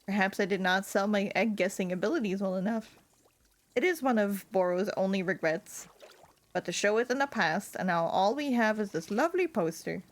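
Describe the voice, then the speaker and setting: A woman voicing a gentle, formal, wistful shopkeeper man while reading game dialogue. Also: mid-range voice, normal speed, close to an everyday voice.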